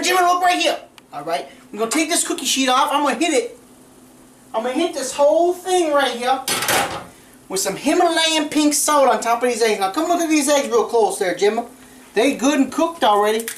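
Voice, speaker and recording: A man's voice: extremely high pitch, animated, a little fast, a little hiss or hum. A man playing a folksy redneck cooking-show host, boastful and bossing his cameraman around in a home kitchen. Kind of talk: comic cooking demonstration. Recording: roomy kitchen echo.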